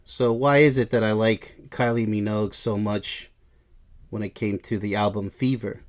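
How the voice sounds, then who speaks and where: A man's voice: on the low side, fairly even intonation, moderate pace. A man hosting a song review show, talking in a casual, rambling video monologue full of asides about himself.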